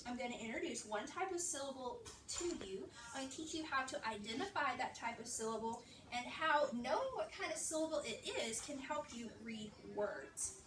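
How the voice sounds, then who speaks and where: A woman teaching young children a reading lesson in a classroom, upbeat and encouraging, speaking slowly and clearly. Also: sits high, animated, fairly bright tone. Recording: echoey classroom, far-off mic, background noise.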